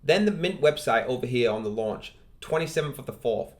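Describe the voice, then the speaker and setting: A man's voice: medium pitch, lively intonation, brisk. A man hosting a crypto channel, walking viewers through a project review on screen in an upbeat, hyping way and speaking straight to them. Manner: upbeat hype, addresses viewers directly.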